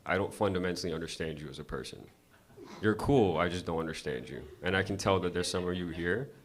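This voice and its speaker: A man's voice: deep voice, quick pace. A man doing a casual, profane stand-up set at an open mic, talking to the crowd conversationally. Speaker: stand-up comedian. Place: comedy club stage.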